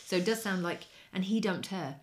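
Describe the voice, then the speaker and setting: Woman, middle-aged, animated storyteller, slightly low voice. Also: brisk. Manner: animated anecdote-telling, acts out quoted voices. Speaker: podcast co-host. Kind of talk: casual chat, storytelling.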